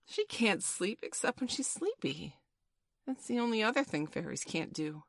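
A woman's voice: mid-range voice, very animated, normal speed, gravelly, dry recording, clean studio sound, pitched above the performer's own voice. A woman voicing Peter Pan, a proud boy leader who explains things in a stiff, matter-of-fact way.

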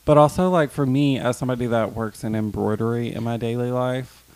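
A young man co-hosting a casual podcast chat, with wry, deadpan asides. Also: medium pitch, brisk, low-quality recording. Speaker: podcast co-host.

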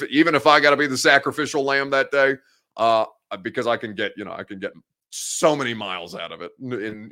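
A man's voice: lowish voice, a bit bright. A man in his late twenties hosting a sports talk show from his office, chatting casually and bluntly with viewers. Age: 20s. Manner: blunt, candid, rambling. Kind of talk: casual live show chat, reading viewer comments.

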